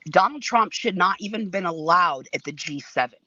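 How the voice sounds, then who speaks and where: A male co-host with a fairly high, bright, tense voice and a blunt, emphatic way of speaking. His sound is dry and a little dull, like a lower-quality mic. He talks casually and cuts straight to his point. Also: animated, normal speed, no echo. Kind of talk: casual political chat.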